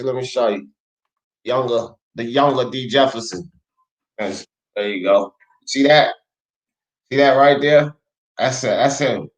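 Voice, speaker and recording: A man's voice: a little high, highs cut off. A male sports talk host on a live boxing stream, reading viewers' chat comments aloud in a loose, slangy way and laughing often.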